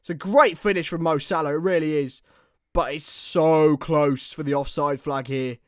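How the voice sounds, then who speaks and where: A young man giving live partisan football commentary on a watchalong stream, excitable and prone to shouting. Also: a little high, moderate pace, no echo, clean studio sound.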